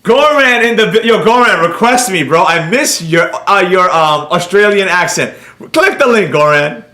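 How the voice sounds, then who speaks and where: Man, casual livestream host, high lively voice, joking, echoey room. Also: normal speed. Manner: animated, joking, addresses chat viewers by name.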